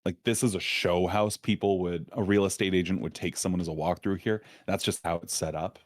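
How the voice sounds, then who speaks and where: A man's voice: low voice, steady tone, no echo, studio quality. A man playing a tabletop game over voice chat, rambling with ums as he describes his character's actions. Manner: rambling, quick asides, ums. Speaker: player.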